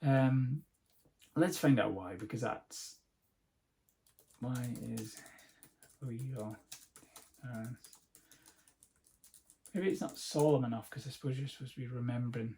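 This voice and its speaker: A man's voice: medium pitch, unhurried, long pauses, warm tone. A man hosting a podcast, rambling through a casual comic monologue, sarcastic and swearing freely. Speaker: podcast host.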